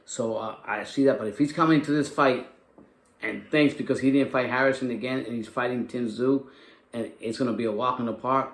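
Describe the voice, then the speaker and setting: A man co-hosting a boxing show in casual chat, talking haltingly with lots of fillers and repeated words. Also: medium pitch, steady tone, echoey room. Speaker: co-host. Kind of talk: casual fight breakdown.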